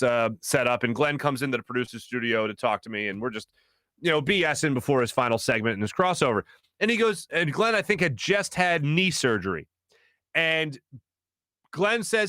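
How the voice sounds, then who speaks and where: A man hosting a sports talk show in a studio, telling a story in a lively way and laughing as he acts out what people said. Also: fairly high pitch, moderate pace, no echo. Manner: animated, laughing as he acts out quotes. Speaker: host. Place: radio studio.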